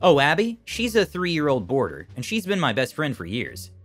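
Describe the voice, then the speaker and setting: A man voicing a gentle, grateful young man with a service dog. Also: on the high side, huge pitch swings, moderate pace, faint music behind, pitched above the performer's own voice, heavily acted.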